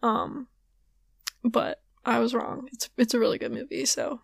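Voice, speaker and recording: Brief: young female podcast host, hoarse strained voice, slightly high, dry close sound, loose rambling chatter. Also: sing-song, a little slow, no echo. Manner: rambling, filler-heavy, ranting. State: voice giving out, hoarse. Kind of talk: casual chat.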